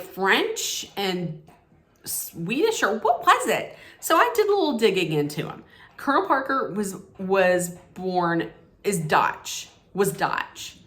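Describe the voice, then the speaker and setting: A woman's voice: a little high, fairly bright tone. A woman vlogger handing out mock movie awards, talking casually and bluntly, often restarting and laughing. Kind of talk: casual opinionated vlog talk.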